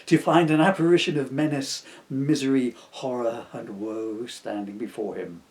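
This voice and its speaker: This man speaks at a moderate pace in a medium-pitched voice while reading aloud from a comic novel he wrote. Between passages he wanders off into self-mocking asides.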